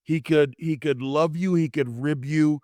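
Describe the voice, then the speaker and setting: A man in his fifties, a former wrestler and interview guest, telling lively anecdotes and acting out quotes with frequent restarts. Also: a little high, measured pace, no echo. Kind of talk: animated storytelling in a podcast interview.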